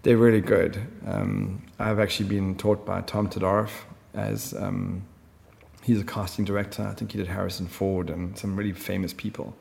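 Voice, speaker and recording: A man's voice: low voice, flat delivery, normal speed, creaky, a little mellow, in a large hall. A man talking as a film director in an interview, chatty and full of fillers. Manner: chatty storyteller, many fillers. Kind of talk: conversational interview.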